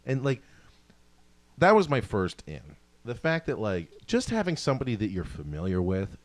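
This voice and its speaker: A man co-hosting a podcast in a fairly low voice that swings widely up and down as he rants. He talks in casual, animated bursts, swearing freely and poking fun at himself. The sound is close and dry, with no room around it. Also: moderate pace, no echo. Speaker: podcast co-host. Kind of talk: casual chat.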